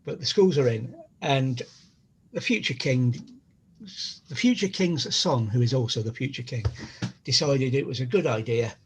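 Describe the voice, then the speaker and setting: Husky-voiced man, chatty. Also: medium pitch, normal speed. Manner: rambling, chatty storyteller. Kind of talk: casual chat.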